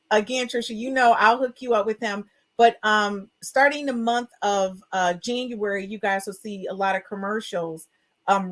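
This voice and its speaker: A woman hosting an education podcast, chatty and upbeat, with frequent fillers. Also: medium pitch. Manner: expressive and emotional. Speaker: podcast host. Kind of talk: casual podcast talk.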